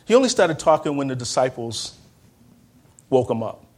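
A man preaching a sermon in a church, repeating phrases and calling on the congregation to respond, swinging from loud outbursts to hushed words. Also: mid-range voice, big pitch swings, normal speed.

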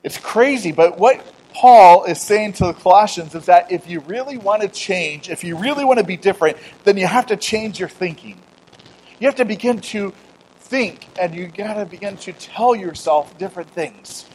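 A man's voice: high voice, animated, normal speed, slight background noise, rough recording. Middle-aged man preaching a conversational sermon. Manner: conversational preaching, swings from loud emphatic to quiet storytelling; self-deprecating humor, acts out quoted dialogue. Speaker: pastor.

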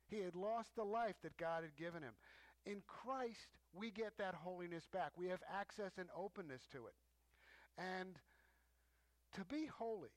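A man preaching a sermon as a teaching, emphatic, stressing points with rising pitch. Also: no room sound.

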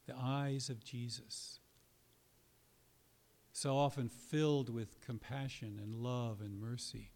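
Male preacher, mid-pitched voice, earnest and emphatic, sermon delivery with dramatic pauses. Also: fairly even intonation, a little mellow.

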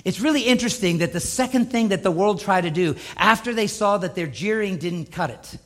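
A man with a notably high voice delivers a sermon from the pulpit. He preaches emphatically, stacking points and repeating phrases to drive them home. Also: expressive, a little fast. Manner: emphatic, building repetition.

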